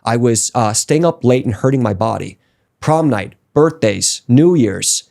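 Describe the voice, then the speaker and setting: Telling his own story as a podcast guest, this man keeps the interview casual while sounding emphatic and inspiring, getting more worked up over time. He has a mid-range voice with vocal fry and an unhurried delivery.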